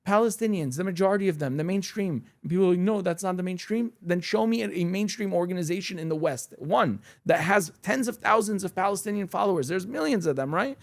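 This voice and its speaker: Syrian-born male podcast guest, slightly high, gravelly, blunt and profane storyteller. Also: expressive, fast, few pauses. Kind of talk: casual interview conversation.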